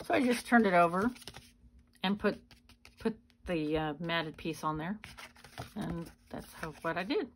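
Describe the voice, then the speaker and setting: A woman hosting a craft channel, giving a chatty, unhurried show-and-tell of her handmade cards. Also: on the low side, a little hiss or hum. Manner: chatty, unhurried walk-through. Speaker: card-making channel host.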